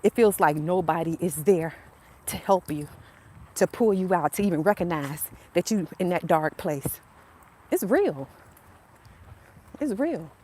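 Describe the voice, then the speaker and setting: A woman's voice: on the low side, normal speed, mellow. A woman in her fifties with a Southern US accent, hosting a casual motivational livestream outdoors on a phone and talking straight to her viewers, repeating herself as she goes. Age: 50s. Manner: chatty, repeats herself, addresses viewers directly. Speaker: channel host. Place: outdoors on a narrow sidewalk by a road. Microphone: phone propped up. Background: faint passing traffic.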